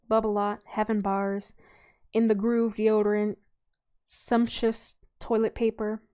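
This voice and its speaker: A woman's voice: a little high, a little mellow, smooth. A young adult woman reading a novel aloud in an informal way, often stumbling and correcting herself.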